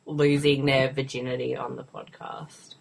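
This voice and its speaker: A woman's voice: a bass voice, level tone, measured pace, vocal fry. A woman with an Australian accent hosting a podcast in casual, playful banter, a bit sick today. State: slightly sick. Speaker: podcast host. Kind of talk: casual chat.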